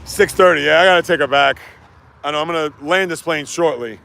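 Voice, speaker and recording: A man hosting a casual sports livestream outdoors while walking, ranting and reading chat comments in an animated way. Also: a little high, fairly quick, gravelly, noisy background.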